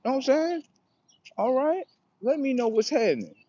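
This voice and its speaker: A young man livestreaming outdoors near a street on his phone, rambling casually and profanely, with sudden loud excited bursts. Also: extremely high pitch, moderate pace, muffled recording. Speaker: livestream host.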